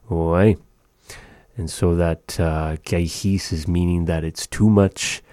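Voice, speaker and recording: A man teaching words of a language in a relaxed, chatty way, repeating each word slowly. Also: low voice, gravelly, dry recording, studio quality. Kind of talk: casual language lesson.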